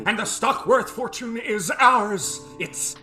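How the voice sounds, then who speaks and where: A whiny schemer. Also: male voice, very high-pitched, takes it slowly, pushed and bright, full character voice. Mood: scheming. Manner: theatrical, complaining. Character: scheming, whiny con man. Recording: faint music behind.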